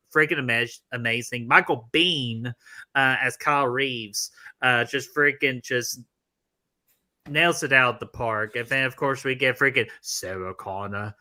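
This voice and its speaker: An excitable man co-hosting a casual livestream about movies, his voice bright and forceful. He talks loosely, with lots of fillers and emphatic "freaking"s. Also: mid-range voice. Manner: excitable, filler-heavy, says "freaking" a lot. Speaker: podcast co-host.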